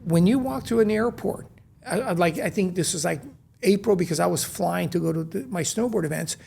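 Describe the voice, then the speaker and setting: A man telling stories as an interview guest, lively and acting out the dialogue he recalls. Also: sits high, fairly quick, creaky, slightly rough. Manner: lively, acts out quoted dialogue. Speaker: guest, restaurant co-founder. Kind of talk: animated storytelling in conversation.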